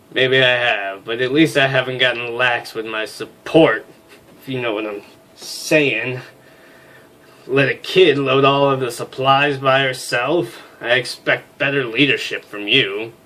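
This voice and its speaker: A man playing a haughty female space major with a gruff, low voice, speaking in a slow, measured way. The tone is bright and edged, pompous and disdainful toward everyone under her, as if voiced for a let's play of a sci-fi story game. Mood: curt.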